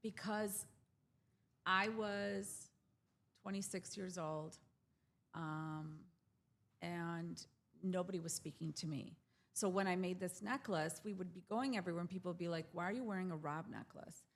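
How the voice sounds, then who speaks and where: Gravelly-voiced woman telling a lively story. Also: lowish voice, unhurried, pauses often. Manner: animated, acts out quoted voices. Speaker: jewelry brand founder, guest. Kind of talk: storytelling in a casual interview.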